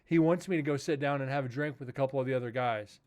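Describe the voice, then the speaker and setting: A man's voice: mid-range voice, fast, a little mellow. A man hosting a livestream as a paranormal investigator, chatting casually and telling rambling, profane stories.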